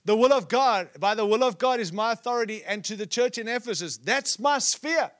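High-voiced man preaching. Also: lively intonation, brisk. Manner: preaching with sudden drops to a hushed voice; acts out quoted speech from scripture stories. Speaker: conference speaker. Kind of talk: sermon. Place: conference hall.

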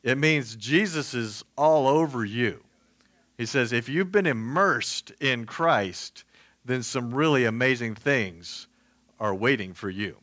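A man preaching in a relaxed, conversational way, with a lilt and a medium-pitched voice. He jokes, stacks up fillers and wanders into asides. The sound is dry and close, with little room echo. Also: slow. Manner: chatty, joking, many fillers and asides. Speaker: pastor. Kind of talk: casual sermon.

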